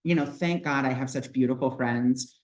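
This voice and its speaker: A man with a mid-range voice talks casually at a moderate pace in a spiritual vlog, earnestly recounting a personal story packed with "like" and "you know." The audio quality is poor.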